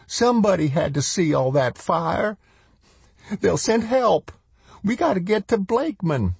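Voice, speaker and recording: A man voicing a hysterical rural woman, high and shrill with folksy talk. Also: sing-song, a little slow, vocal fry, darkish tone, breathy edge, dry recording, exaggerated voice.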